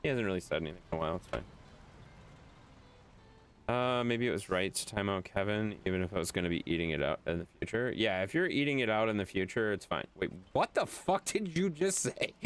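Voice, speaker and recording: A man's voice: fairly low pitch, expressive, fairly quick, smooth. A man streaming a video game, chatting casually with viewers, reading their chat aloud and laughing often.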